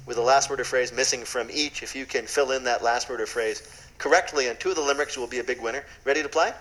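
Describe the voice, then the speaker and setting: A man's voice: mid-range voice, quick pace, fairly bright tone, poor audio. A man hosting a radio quiz show who reads out the rules and cracks playful jokes. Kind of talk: jokey radio banter.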